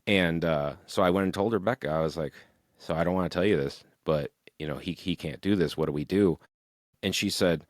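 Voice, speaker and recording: Deep-voiced man telling band stories. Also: brisk, dry recording, studio quality. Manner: rambling, animated storytelling with frequent swearing. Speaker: musician guest. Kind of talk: casual podcast interview.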